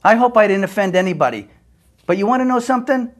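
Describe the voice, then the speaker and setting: A man's voice: high voice, animated, fast. Impassioned older American man. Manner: emphatic, earnest, swings between forceful and hushed. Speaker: speaker. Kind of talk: impassioned personal monologue.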